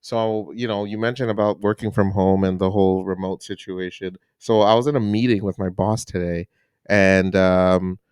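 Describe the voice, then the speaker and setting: A man's voice: low-pitched, moderate pace, smooth, no echo, clean studio sound. A young man co-hosting a podcast, chatting casually and telling stories with animation. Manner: animated, laughing storyteller. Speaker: podcast co-host. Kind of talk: casual chat.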